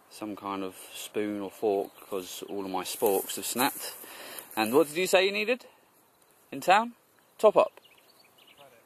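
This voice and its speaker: A man's voice: fairly low pitch, a little hiss or hum, poor audio. A young man chatting casually to a camera outdoors while on a cycling trip, rambling and laughing as he goes. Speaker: cycle tourer. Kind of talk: casual travel vlog. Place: outdoors on a mountain road.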